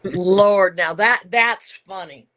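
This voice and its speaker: A woman's voice: mid-range voice, slow pace, fairly bright tone. An older woman, a retired wrestler, telling stories from her career in a casual interview. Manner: reminiscing storyteller, emphatic.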